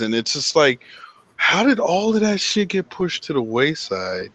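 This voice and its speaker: A man talking casually in a group chat, animated and full of swearing, calling everyone dude. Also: fairly high pitch, measured pace. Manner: animated, heavy swearing, says dude a lot. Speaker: podcast host.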